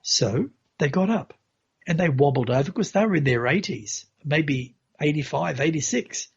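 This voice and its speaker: A man telling a gentle, unhurried spiritual story as a guest in an interview, with a husky voice. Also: on the high side, animated, highs cut off.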